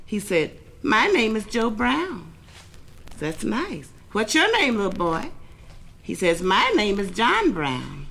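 A woman comedian telling a raunchy joke, switching into high voices for the people in it. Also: a bit bright. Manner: raunchy storytelling, high acted voices for quoted lines. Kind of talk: recorded stand-up joke telling.

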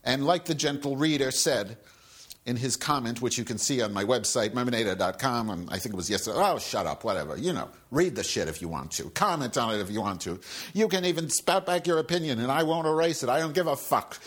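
Man, husky voice, swearing nonstop, angry rant, sarcastic, wanders off on tangents. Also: mid-range voice, expressive, brisk, a bit bright. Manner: rambling with frequent asides. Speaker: podcast host. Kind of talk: profane solo rant.

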